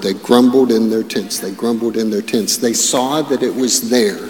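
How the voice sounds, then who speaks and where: A man preaching a sermon as pastor, animated and full of rhetorical questions and asides. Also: medium pitch, a little slow. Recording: echoey hall with long reverb.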